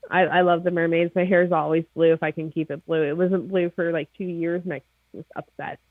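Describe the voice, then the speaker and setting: A woman with a Maritime Canadian accent, a snake breeder chatting as a guest in a casual livestream interview, excitable and jokey. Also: on the low side, fairly quick, no room sound. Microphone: video call. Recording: tinny phone-like video call line.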